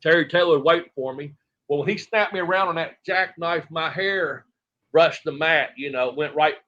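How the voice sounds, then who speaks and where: A middle-aged man from Tennessee, a retired wrestler telling rambling, animated stories as an interview guest and acting out other people's lines. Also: fairly high pitch, moderate pace. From Tennessee, USA. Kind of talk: casual storytelling interview. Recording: dull lo-fi audio.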